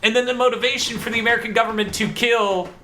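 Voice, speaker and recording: Man, podcast co-host, high-pitched, bright tone, animated and profane, casual chat. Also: fast, a little hiss or hum. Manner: animated, profane, bursts of laughter.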